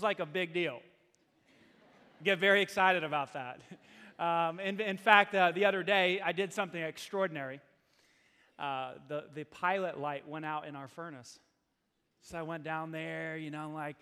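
High, bright-voiced male preacher in a hall. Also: fairly quick. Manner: self-deprecating, chatty storytelling with laughs. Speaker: pastor. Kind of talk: sermon. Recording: hall reverb.

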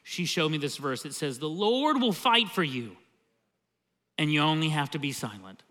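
A man's voice: a little high, big pitch swings, normal speed, sharp tone. A male pastor preaching a sermon in a church, emphatic and conversational, often opening with "See.".

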